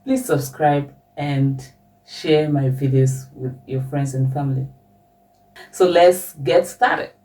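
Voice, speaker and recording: A woman teaching a language lesson at a slow, patient pace, repeating each example question. Her voice sits a little low and sounds mellow. She is a little distant from the microphone.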